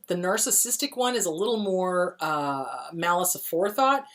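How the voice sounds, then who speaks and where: A woman hosting a question-and-answer show as a therapist, speaking at a middle pitch. She is blunt and emphatic, hammers her points home by repeating them, and talks to the listener in a familiar way, even calling them honey. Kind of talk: answering viewer questions, casual advice.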